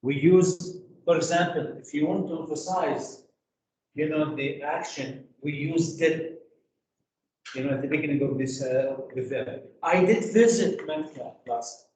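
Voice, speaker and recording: A man teaching an English grammar lesson, asking the class rhetorical questions and filling pauses with "you know". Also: fairly high pitch, steady tone, darkish tone, distant mic, slight background noise. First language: Arabic. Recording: echoey classroom taped from afar.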